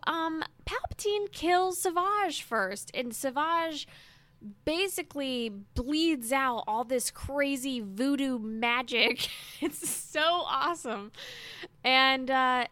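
Gushing female podcast host, bright tone, dry close sound. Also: high voice, no room sound. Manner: enthusiastic, gushing recap. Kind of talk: casual chat.

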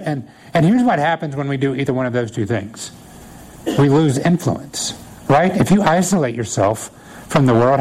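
A male pastor preaching a sermon in a casual storytelling way, animated and conversational, with frequent fillers and laughter at his own stories. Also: a little high, poor audio.

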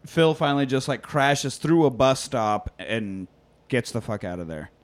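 A man's voice: medium pitch, a little slow. A man co-hosting a podcast, retelling a film scene by scene in casual, profane chat and acting out the characters' lines. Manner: animated, profane storytelling with quoted voices. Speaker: podcast co-host recapping a film.

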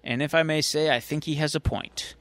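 A man's voice: on the high side, fairly even intonation, brisk, a bit bright, no echo, close to an everyday voice. A man putting on a formal old butler. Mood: measured. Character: formal, dignified older male butler.

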